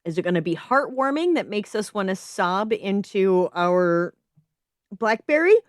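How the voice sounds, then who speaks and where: A woman's voice: mid-range voice, animated, measured pace, dry recording, clean studio sound. A woman hosting a live-stream podcast, reading a story submission aloud with dramatic flair and stopping to react.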